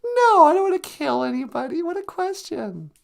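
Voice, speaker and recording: A man voicing an innocent male sidekick puppet with a high, squeaky voice. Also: sing-song, moderate pace, creaky, exaggerated voice. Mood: giggly.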